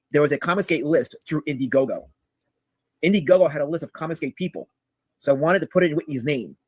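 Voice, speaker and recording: A man telling a rambling story as a guest on a call-in show, with a husky voice and lots of "you know" asides. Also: fairly high pitch, a little mellow, no room sound, poor audio.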